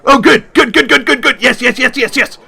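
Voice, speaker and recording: A man voicing an excitable young male jock who stammers and talks too eagerly. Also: extremely high pitch, brisk, creaky, husky, voice pushed up, exaggerated voice. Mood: nervous. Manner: stammering, eager, overly upbeat.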